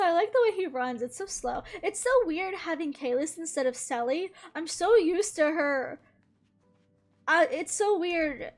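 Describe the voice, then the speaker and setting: Giggly high-voiced woman streamer. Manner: giggly, chatty, laughs often. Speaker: game streamer. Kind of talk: casual live-stream chat.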